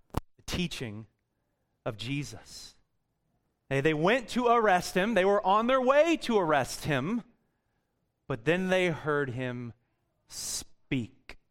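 A young male pastor preaches slowly and deliberately, leaning hard on key words. His voice sits a little high for a man and falls to hushed, stretched-out phrases before rising again. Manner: expressive preaching, swinging from loud emphasis to quiet, drawn-out words. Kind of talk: sermon.

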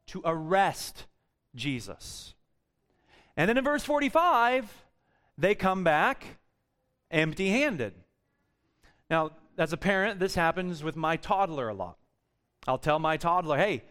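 A young male pastor preaches slowly and deliberately, leaning hard on key words. His voice sits a little high for a man and falls to hushed, stretched-out phrases before rising again. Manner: expressive preaching, swinging from loud emphasis to quiet, drawn-out words. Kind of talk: sermon.

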